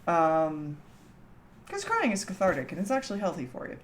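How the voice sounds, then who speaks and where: A woman's voice: lowish voice, wildly swooping pitch, normal speed, slight background noise. A young woman from Canada chatting casually with her livestream chat from home, teasing and laughing often. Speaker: streamer.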